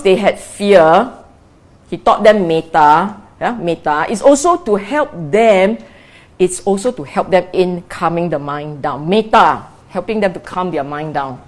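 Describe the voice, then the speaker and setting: Lively, emphatic woman giving a dharma talk. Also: mid-range voice. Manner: repetitive, emphatic teaching with rhetorical questions. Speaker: Buddhist meditation teacher.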